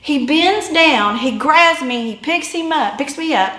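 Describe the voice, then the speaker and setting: A woman in her fifties telling a humorous personal story in an animated, self-deprecating way. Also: high-pitched, a little slow. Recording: echoey room.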